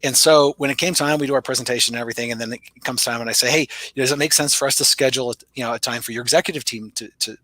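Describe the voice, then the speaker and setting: A middle-aged man, a sales author and guest, telling stories in a lively way and acting out both sides of the dialogue. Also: very fast, few pauses, dry recording. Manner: energetic, acts out dialogue with big pitch jumps. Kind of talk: storytelling interview talk.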